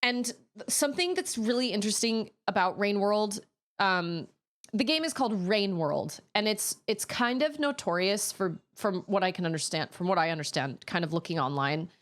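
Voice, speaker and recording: A woman's voice: medium pitch, lively intonation, moderate pace. A woman streamer chatting casually to her audience in a rambling way, often laughing. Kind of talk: casual chat on a gaming stream.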